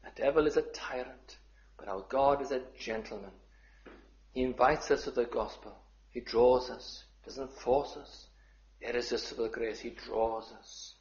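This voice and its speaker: A man preaching a sermon, measured and deliberate, sometimes rising into fervent appeals. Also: medium pitch, echoey room, lo-fi sound.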